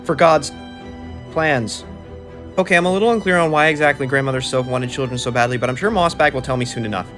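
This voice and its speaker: Fast, sarcastic man recapping a game. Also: mid-range voice, faint music behind. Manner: fast, swearing, sarcastic, swinging into loud excited outbursts. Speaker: gaming video commentator. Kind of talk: comedic game recap narration.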